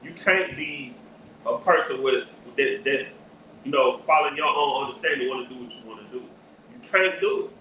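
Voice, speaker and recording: A man preaching forcefully on the street, teaching from scripture and directing a reader. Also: medium pitch, moderate pace. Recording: echoey, distant, dull lo-fi with faint noise.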